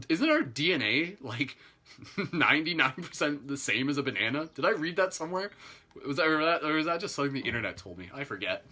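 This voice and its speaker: A man leads a guided meditation in a bright, clear voice. His pitch moves a lot as he talks, and he drifts easily between calm breathing cues and playful asides.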